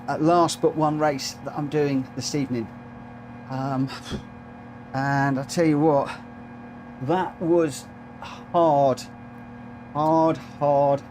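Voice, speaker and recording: A man's voice: on the high side, background noise. A man from the United Kingdom commentating his live racing game stream, chatting to viewers and reading out the race results.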